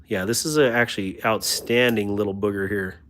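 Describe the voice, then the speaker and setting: A man with a fairly low, steady voice hosts a casual knife livestream, talking fairly quickly. He reads viewer comments, jokes about himself in a chatty, self-deprecating way, and thanks viewers warmly.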